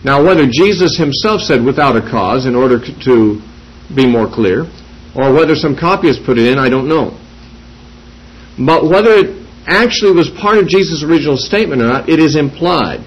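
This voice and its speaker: A man giving a verse-by-verse Bible teaching, reasoning through each point deliberately with small restarts. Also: fairly high pitch, animated, breathy edge, highs cut off.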